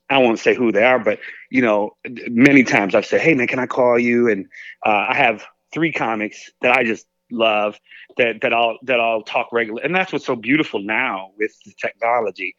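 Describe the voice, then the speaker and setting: A man's voice: medium pitch, fairly bright tone, no room sound, dull audio. A man, a comedian, chatting in a casual interview, rambling and jokey. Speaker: comedian guest.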